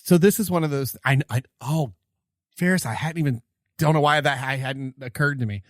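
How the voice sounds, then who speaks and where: With a brisk, mid-range voice, a podcast co-host casually chats and retells stories, rambling with lots of fillers and laughing along the way. It's a studio-quality recording with no echo.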